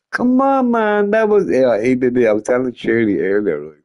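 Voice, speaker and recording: A man's voice: mid-range voice, creaky, darkish tone. A drunk man rambling and joking crudely while streaming a game. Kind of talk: casual stream chat.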